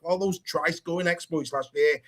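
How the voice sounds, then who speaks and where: Male podcast host, fairly high voice, chatty and eager, reads lists at speed. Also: fairly even intonation, normal speed. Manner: chatty, enthusiastic, rattles through lists. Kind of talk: casual sports podcast chat.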